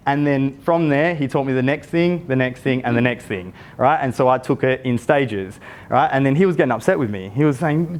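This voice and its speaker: A man's voice: medium pitch, brisk. A man in his thirties, a youth football coach, giving a conversational workshop talk to parents and often checking in with his listeners.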